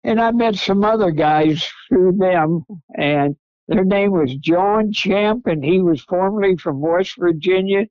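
A man's voice: high voice, a little slow, no room sound, lo-fi sound. An older man, a podcast guest, telling rambling folksy stories about his past. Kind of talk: storytelling interview.

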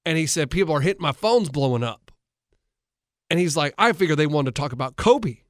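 Animated man retelling sports stories. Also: on the high side, brisk, dry recording, studio quality. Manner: animated storyteller, retells others' words with many restarts. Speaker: coach and co-host. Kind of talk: casual sports talk chat.

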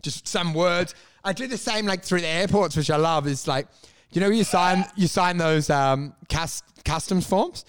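A man with a notably high voice talks on a casual podcast, excitable and profane. He laughs often and loudly acts out imagined conversations. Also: normal speed, clear, resonant tone. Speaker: podcast host.

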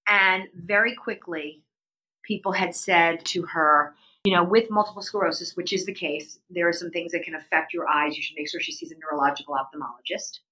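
Middle-aged woman, bright, low-pitched, animated storyteller, interview guest. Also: brisk, poor audio. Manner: animated storyteller, voice leaps up when quoting people.

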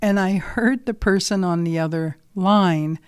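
A woman's voice: fairly low pitch, unhurried, a little mellow, smooth, dry recording, studio quality. A woman giving a motivational talk, telling a workplace story in a conversational way and asking listeners direct questions. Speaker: motivational speaker.

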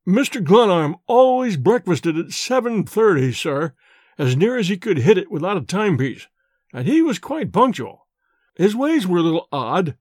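A man's voice: high voice, sing-song, normal speed, no echo, clean studio sound. A man voicing a deferential manservant in an audiobook, courteous and formal, addressing his master as sir. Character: deferential older male manservant, polite and formal. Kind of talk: audiobook character voice.

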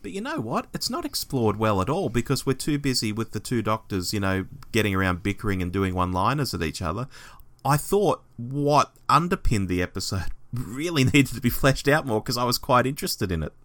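A man co-hosting a podcast in casual review chat, jokey and animated. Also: mid-range voice, brisk, no echo. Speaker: podcast co-host.

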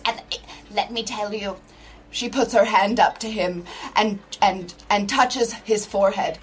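A woman's voice: mid-range voice, steady tone, unhurried. A woman playing a tabletop game in character, playful and wheedling. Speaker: player.

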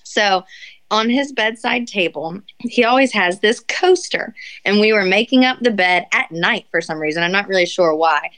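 A woman's voice: mid-range voice, lively intonation, moderate pace, fairly bright tone. Chatty young woman telling a story. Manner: rambling storyteller, laughs often, many fillers. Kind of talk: casual chat.

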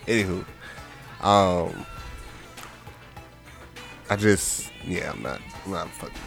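Male podcast co-host, lowish voice, lively intonation, laid-back casual banter, faint music in the background. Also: takes it slowly, gravelly. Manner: laid-back, laughs easily, trails off mid-thought.

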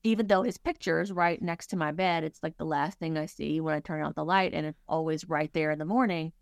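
A woman's voice: deep voice, brisk, gravelly, dry recording, studio quality. A middle-aged woman, a grief counselor, speaking candidly and earnestly in a conversational interview, acting out her own past thoughts as she talks.

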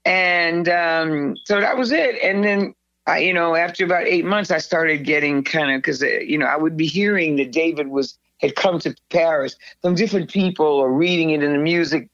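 An older woman, a guest in an interview, recounting a memory in a rambling, animated way, often restarting her sentences. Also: sits low, normal speed, no echo. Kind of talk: storytelling in a conversational interview. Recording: slightly dull, dry sound.

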